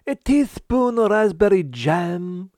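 A man's voice: high-pitched, animated, takes it slowly, darkish tone, no echo, studio quality, pitched above the performer's own voice. A man voicing a rude, swearing male cocktail chef whose put-on accent keeps shifting. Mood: bossy. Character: foul-mouthed aggressive male cocktail chef.

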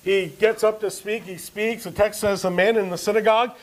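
A man's voice: high-pitched, steady tone, fairly quick, low-quality recording. A man preaching a sermon as pastor, asking the congregation questions and answering them, and reading scripture with rising emphasis. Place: church service.

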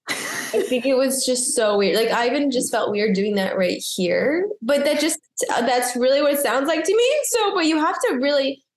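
A young woman, a wedding photographer from Massachusetts, telling stories in casual podcast chat over a video call, giggly and self-deprecating. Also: high voice. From Maynard, Massachusetts. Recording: roomy echo.

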